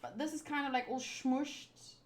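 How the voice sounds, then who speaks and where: A woman's voice: sits high, moderate pace. A woman chatting casually and rambling as she comments on a comic readthrough. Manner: rambling, chatty, many fillers. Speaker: YouTuber reading a comic aloud.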